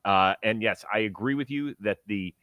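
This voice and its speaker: A man's voice: on the low side, moderate pace, bright, forceful tone, no room sound. A man hosting a sports talk show, chatting about baseball in an enthusiastic, joking way and reading ads. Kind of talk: casual sports talk and ad read.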